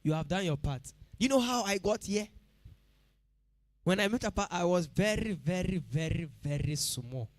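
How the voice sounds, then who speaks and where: A Ghanaian-accented man preaching at a midweek church service, his voice pitched high for a man. He presses the congregation with direct questions and repeats his points for emphasis. The sound is close and dry, with no room echo.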